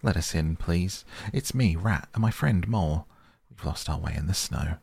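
A man voicing a sharp-tongued, bossy male water rat with a sarcastic, brisk manner. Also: sits low, vocal fry, dry recording. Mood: pleading.

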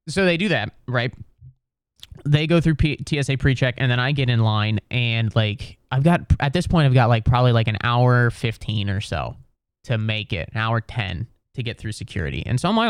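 A young American man tells a comedic story, rambling and sarcastic, piling on fillers and restarts. His voice is smooth and sits mid-range. The sound is dry and close on a podcast mic. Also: mid-range voice, expressive, normal speed, no room sound.

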